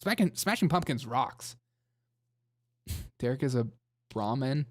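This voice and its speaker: A man's voice: medium pitch, animated, unhurried, pauses often, no echo, clean studio sound. A young man hosting a comedic political livestream, joking, laughing often and reading chat comments aloud. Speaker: live stream host. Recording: music playing behind the voice.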